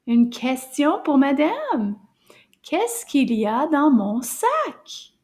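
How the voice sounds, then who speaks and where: A woman teaching children a beginner French lesson, cheerful and encouraging, repeating words slowly and clearly, with occasional hushed whispers. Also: sits high, big pitch swings. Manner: drops into hushed whispers for surprises.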